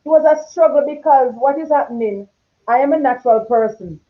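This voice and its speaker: Brisk and high-pitched, a woman hosting a talk show chats casually with a forceful, strong delivery that turns loud when she's passionate. The video call sounds tinny, like a phone line.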